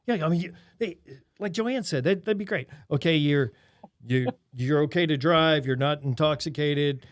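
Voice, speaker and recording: An easygoing male podcast host who asks joking questions and chimes in with his own memories. His voice is slightly high for a man and recorded close and dry. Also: normal speed, dry recording. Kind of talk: casual interview chat.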